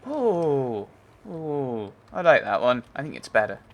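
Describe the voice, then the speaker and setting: A man talks through a video game in loose, chatty commentary, musing aloud to himself. His voice has a gravelly edge and sits at a middle pitch. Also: sing-song, slow. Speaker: game player. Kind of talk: casual gameplay commentary.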